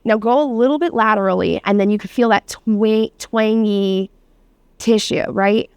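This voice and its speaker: A woman's voice: medium pitch, normal speed, a little mellow, clean tone, no room sound. A woman teaching a hands-on massage therapy class, talking casually with lots of fillers and the odd swear word. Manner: casual, chatty, many fillers and laughs, swears.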